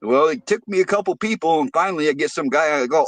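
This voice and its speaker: A man with a slightly high voice tells a story in casual, heavily profane talk, and his anger builds into a rant. He sounds close to the mic in a dry space. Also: expressive, fast talker, no room sound.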